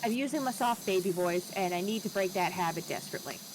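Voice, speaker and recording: A woman's voice: medium pitch, fast, noisy background. A young woman with an American accent, streaming and telling a story in casual chat, acting out the voices she quotes. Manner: animated, acts out quoted voices.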